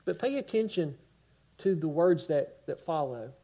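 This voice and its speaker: A man preaching a sermon with passion, rising to loud cries and dropping to hushed quiet. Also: fairly high pitch, animated, measured pace, muffled recording.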